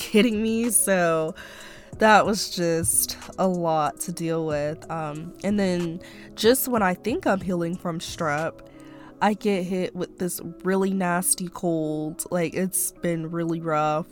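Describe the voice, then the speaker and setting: Young woman, podcast host, slightly stuffy-nosed, rambling chat, lowish voice, faint music behind. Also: fairly even intonation, slow. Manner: rambling, chatty, many fillers like "um" and "like". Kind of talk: casual personal podcast monologue.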